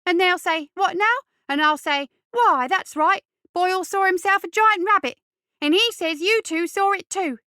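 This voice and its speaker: A woman voicing a scrawny little street urchin boy who mocks and scorns in rough slang. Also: very high-pitched, normal speed, pushed and bright, dry recording, studio quality, pitched above the performer's own voice. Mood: mocking. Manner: mocking, contemptuous, drawling slang.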